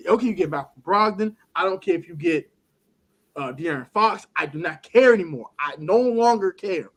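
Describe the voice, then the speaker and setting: A man co-hosting a casual sports talk show, animated and laughing often as he acts out other people's words. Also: sits high, normal speed. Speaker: podcast co-host.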